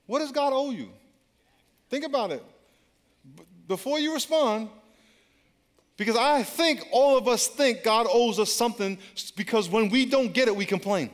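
A male pastor with an extremely high-pitched voice preaches an emphatic, repetitive sermon at normal speed, leaving long pauses. He uses call-and-response with his congregation in a large church auditorium, and the recording carries long church hall reverb.

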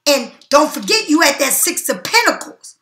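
Blunt, high, bright-voiced tarot reader woman. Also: sing-song, normal speed. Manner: blunt, profane, preachy and emphatic. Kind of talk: casual tarot reading monologue. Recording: echoey room.

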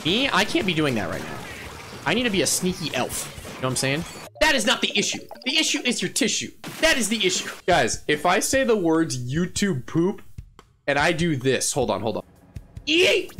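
A man streaming a game live, chatting to viewers in a playful, goofy way, laughing often and yelling when he wins. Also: a little high, big pitch swings, brisk, faint music behind. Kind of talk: casual live gameplay chatter.

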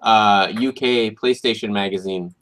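Low-voiced easygoing man. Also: fairly even intonation, a little slow, a bit bright. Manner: easygoing, frequent ums and uhs. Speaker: podcast co-host. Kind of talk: casual chat.

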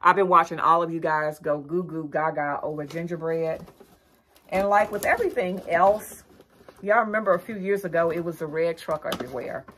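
A woman talks to her viewers in a chatty, easygoing way, calling them y'all. Her voice sits a little low, and she gushes freely. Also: normal speed, a bit bright, slight background noise. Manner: chatty, addresses viewers as y'all, gushing exclamations. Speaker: lifestyle vlogger. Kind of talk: casual haul video chat.

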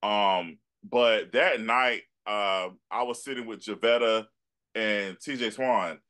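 A man's voice: fairly low pitch, clean tone. A man, an actor and producer, telling stories as a guest in a casual chat. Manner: relaxed, unhurried storyteller. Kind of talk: casual conversation.

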